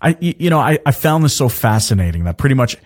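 A man hosting his own podcast, talking in an energetic, chatty way with lots of fillers and restarts. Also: medium pitch, fast. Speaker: podcast host. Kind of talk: casual solo podcast talk.

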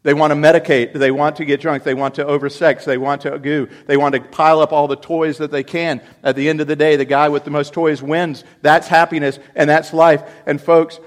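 A man preaching a sermon, dropping low and quiet for scripture and rising loud and emphatic for his points. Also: level tone, brisk, hardly any pauses. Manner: preaching with big swings from quiet reading to loud emphatic outbursts. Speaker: pastor.

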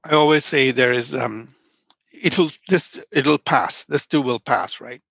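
A man's voice: medium pitch, unhurried, gravelly, a bit bright, breathy edge, no room sound. A man in his fifties from Nigeria, a podcast guest telling rambling stories in casual conversation. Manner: rambling storyteller, frequent restarts.

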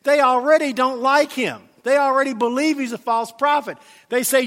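High-voiced preaching man in a reverberant hall. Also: brisk, few pauses. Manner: animated preaching, acting out quoted voices, many restarts. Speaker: pastor. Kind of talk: sermon.

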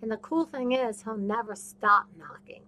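A woman hosts a faith podcast, talking straight to her listeners. Her voice sits a little high and sounds bright and forceful. She stresses her points by repeating them and often slips into the voices of the people she describes. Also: moderate pace. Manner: emphatic and repetitive, acts out other people's voices. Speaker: podcast host. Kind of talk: casual faith talk, preaching to listeners.

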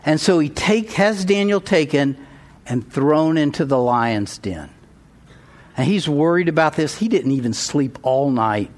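A man preaching from the pulpit, a slightly raised voice that swings widely in pitch. He tells the story slowly and deliberately, rising to emphatic peaks. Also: lively intonation. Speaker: pastor. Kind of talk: sermon.

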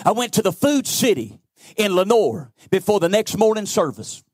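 A man preaching a sermon, with a sing-song cadence, folksy storytelling and bursts of shouting. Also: sits high, very animated, moderate pace, slightly rough, no room sound. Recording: dry close sound with faint music behind.

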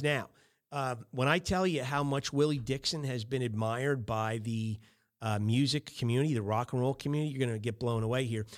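A middle-aged man hosting a podcast, giving casual coaching on small talk with lots of fillers and acted-out sample chats. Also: medium pitch. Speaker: podcast host.

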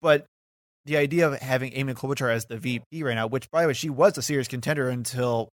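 A man co-hosting a political podcast in casual chat, talkative and quick to laugh. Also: mid-range voice. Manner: talkative, laughs often, hedging asides. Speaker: podcast co-host.

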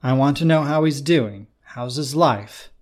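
A man reading aloud and voicing a frail old father just out of prison, who speaks gruffly and with self-pity. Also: mid-range voice, measured pace, a little mellow, close to an everyday voice. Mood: wistful. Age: older. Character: old dying ex-convict father, self-pitying.

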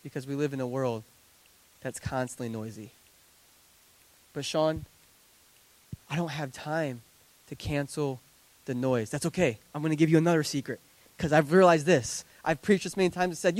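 A pastor in his thirties with a high, bright-sounding voice delivers an animated sermon to a church congregation. His delivery is conversational and peppered with joking asides, and the sound is close and dry with no room echo. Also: normal speed, long pauses. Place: church service before a congregation.

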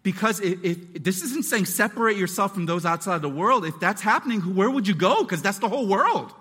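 A man preaching to his congregation with an animated delivery that slips into acted-out voices. His voice sits a bit high for a man and rings bright and forceful. The sound carries the long reverb of a church hall. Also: brisk, husky. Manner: animated, acts out voices and quotes. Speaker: pastor. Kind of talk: sermon.

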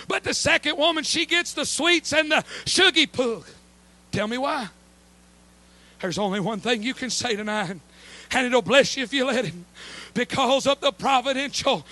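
A man's voice: very high-pitched, pushed and bright. A man preaching a sermon, telling the story dramatically in folksy speech.

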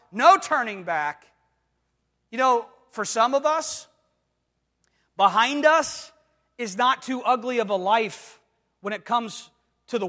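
A man's voice: sits high, sharp tone. A man preaching a sermon with emphatic delivery, often asking the congregation whether they follow him and acting out voices in bursts. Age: adult. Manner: emphatic, with call-and-response questions to the congregation; acts out quoted voices in dramatic bursts. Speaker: pastor. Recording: reverberant hall.

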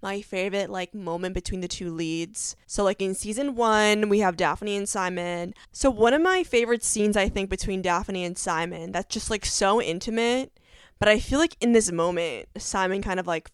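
A woman's voice: medium pitch, normal speed, clear, resonant tone, dry recording, studio quality. A young woman hosting a casual solo podcast, talking in a gushing, enthusiastic way with lots of fillers. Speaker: podcast host.

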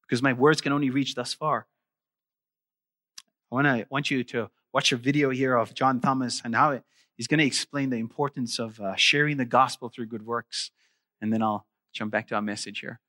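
A man's voice: mid-range voice, steady tone, normal speed, sharp tone. A man preaching a sermon to his congregation, emphatic and full of rising questions.

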